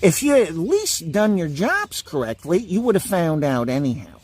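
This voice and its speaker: A man's voice: high voice, wildly swooping pitch, normal speed, few pauses, a little hiss or hum. Man in an angry, swinging rant. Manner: profane, insulting, repetitive. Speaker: vlogger. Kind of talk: angry ranting monologue.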